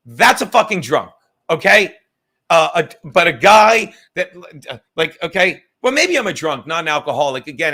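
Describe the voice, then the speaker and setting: A man with a high, bright voice rants and swears as he hosts a rambling live stream, calling out chatters by name. He sounds loose and a little drunk, going from sarcastic jabs to preachy lectures without a break. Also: creaky. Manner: profane, ranting, sarcastic, addresses chatters by name. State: says he is drunk. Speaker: podcast host reading live chat.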